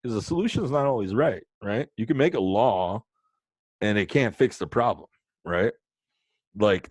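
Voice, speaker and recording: A male teacher with a lowish voice runs a lesson, joking around and talking right to his students. The sound is close and dry, with no room echo. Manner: joking, animated, talks to students directly. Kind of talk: playful online lesson.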